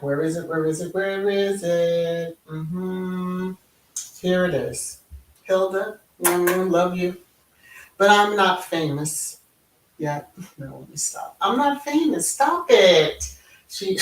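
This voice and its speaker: A woman's voice: on the low side, distant mic. A woman hosting a casual livestream, chatty, with sing-song greetings and many ums. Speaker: livestream host. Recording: roomy echo, voice set back from the mic.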